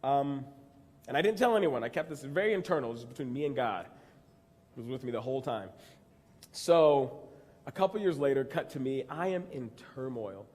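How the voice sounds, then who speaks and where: A young man giving a conference talk, telling a personal story in an animated, self-mocking way and acting out his own quotes. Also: medium pitch, moderate pace. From Texas. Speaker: conference speaker. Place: large convention hall. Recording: reverberant hall.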